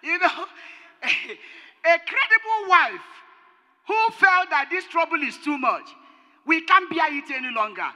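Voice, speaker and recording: Woman pastor, impassioned sermon, lively swinging pitch, long reverb of a big hall. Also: slow pace, pauses often. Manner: impassioned preaching, swinging between shouted peaks and low drops.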